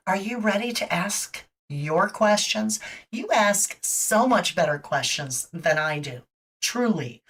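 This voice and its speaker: A woman hosts a casual live tarot reading and chats openly with her audience as she lays out her theories. Her voice has a middling pitch and sits a little distant from the microphone. She keeps hiccuping through the session. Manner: chatty, warm toward viewers, speculative. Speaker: host and tarot reader.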